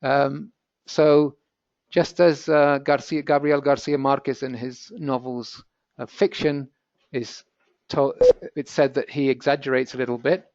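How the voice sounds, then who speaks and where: A man's voice: mid-range voice, flat delivery, unhurried, a little mellow, no echo. A man teaching a Spanish lesson in a webinar, explaining in a practical, conversational way with asides. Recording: dull, lo-fi webinar audio.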